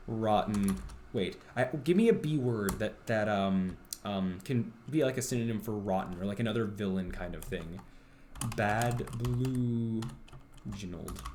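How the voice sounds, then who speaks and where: Brief: man, lowish voice, game dev streamer muttering to himself, faint typing behind. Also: a little mellow, slight background noise. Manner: rambling, self-talking, full of ums and restarts. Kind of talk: livestream thinking aloud while coding.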